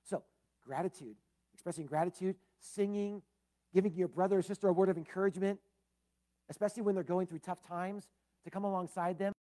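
A middle-aged man preaching a conversational Bible-teaching sermon in a relaxed, plain-spoken way, with frequent asides to his listeners. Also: sits high, a little fast.

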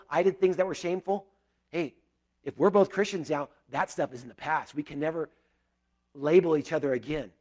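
Middle-aged male pastor, slightly high voice, earnest conversational sermon with loud bursts and hushed prayers.

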